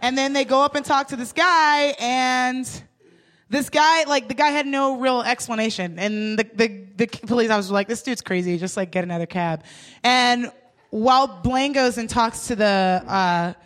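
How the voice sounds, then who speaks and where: Comedic female co-host, high-pitched, animated storyteller who curses and acts out every voice. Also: moderate pace. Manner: animated, swearing, acting out quoted voices. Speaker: podcast co-host.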